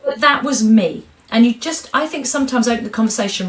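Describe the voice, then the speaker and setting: A middle-aged woman with a voice on the high side speaks a little fast as an interview guest. She's frank and expressive, an animated storyteller in a candid conversation.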